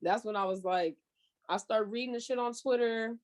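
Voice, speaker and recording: Lively young woman from California telling a story. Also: on the high side, moderate pace. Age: young adult. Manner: animated storyteller, swears freely, acts out her own past remarks. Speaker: podcast guest. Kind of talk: casual chat.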